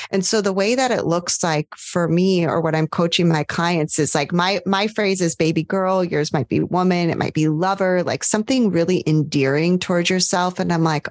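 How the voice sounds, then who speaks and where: Woman, coach, podcast guest, soothing, lower pitch, dry close sound. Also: normal speed, few pauses, dry recording. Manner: gentle, soothing, speaks in warm affirmations. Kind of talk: podcast interview.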